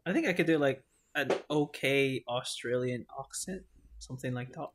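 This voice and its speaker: A co-host in casual podcast banter who keeps teasing the others with quick jokes. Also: medium pitch, background noise.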